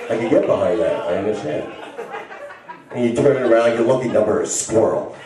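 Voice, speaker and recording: A male stand-up comedian rambling and stammering through a set, bursting into shouts. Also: mid-range voice, expressive, a little fast. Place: bar stage with live audience. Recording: echoey club recording from far off. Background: crowd laughing.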